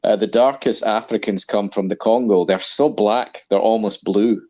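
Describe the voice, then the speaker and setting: Give me a deep-voiced man in casual chat, deliberate and opinionated, with dull lo-fi sound. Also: fairly even intonation, mellow.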